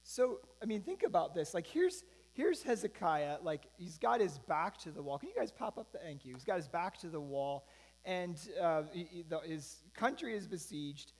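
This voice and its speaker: A man's voice: high voice, sing-song, normal speed, a little mellow. A man preaching a sermon, retelling a scripture story in a loose, conversational way with frequent asides. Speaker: pastor. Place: church sanctuary. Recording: long reverb of a church hall.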